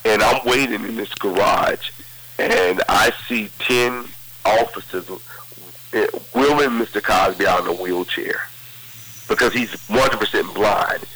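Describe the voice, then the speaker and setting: A man with a low, husky voice recounts a story to an interviewer. His delivery is forceful and tense, and he acts out what others said. It feels like conversational storytelling. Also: a little slow, poor audio. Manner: vivid retelling with lots of quoted dialogue. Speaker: interview guest.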